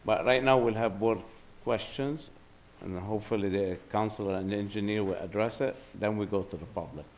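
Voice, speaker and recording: Brisk low-voiced meeting chair. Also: male voice, slight background noise. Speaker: board chair.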